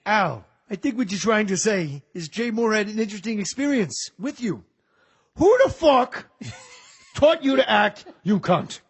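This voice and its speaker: A man doing a raspy, theatrical movie-star actor. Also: sits high, lively intonation, normal speed, hardly any pauses. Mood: dreamy.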